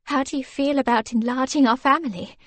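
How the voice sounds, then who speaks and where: A woman's voice: sits high, a little fast, no echo, voice pushed up, natural voice. Woman doing a flustered young wife.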